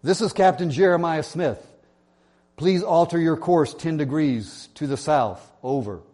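A man voicing a stern, commanding navy captain who shouts orders over the radio. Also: on the high side, a little slow.

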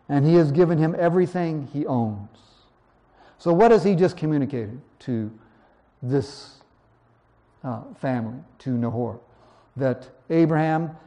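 A man preaching verse by verse, reading scripture slowly and then explaining it in a conversational way. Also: mid-range voice, warm tone. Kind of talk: verse-by-verse Bible teaching.

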